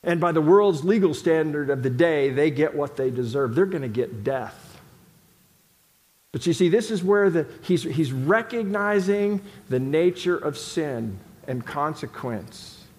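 A man's voice: on the high side, animated, unhurried, a little mellow. A male pastor delivering an emphatic sermon in a church sanctuary, repeating phrases for stress. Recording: long hall reverb.

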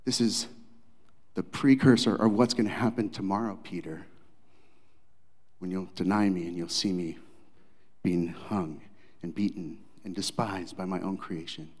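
Man preaching a lively sermon, echoey hall. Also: sits low, a little slow, long pauses. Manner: dramatic, acts out Bible scenes, swings loud to hushed. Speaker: pastor.

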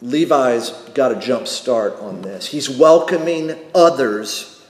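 A man's voice: mid-range voice, slow, darkish tone. A man preaching a sermon as pastor, emphatic and repeating key phrases for weight. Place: church sanctuary. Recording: echoey hall, long reverb.

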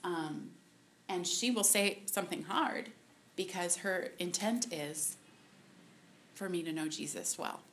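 A woman giving a personal faith testimony to a group, halting and softly emotional, with many pauses and fillers. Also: lowish voice, a little hiss or hum. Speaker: speaker at a women's ministry talk.

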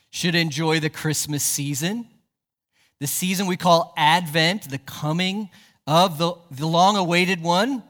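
A man's voice: a little high, a bit bright, long reverb tail. A man, a pastor, preaching a sermon in a church sanctuary, emphatic and asking the congregation rhetorical questions.

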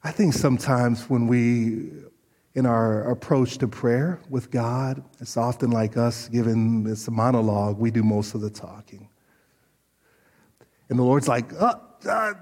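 A man pastor preaching a sermon, animated and storytelling, often restarting his sentences. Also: medium pitch, breathy edge. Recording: long reverb of a large hall.

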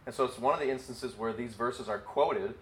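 A man teaching a sermon in a relaxed, conversational way, full of fillers like "like" and "you know". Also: medium pitch, brisk, slight background noise, low-quality recording. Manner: conversational, with many fillers and acted quotes. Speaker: Bible teacher.

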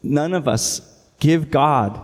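A man's voice: a little high, slow pace, big-room sound. A man preaching a sermon as a pastor, earnest and reading scripture aloud with emphasis.

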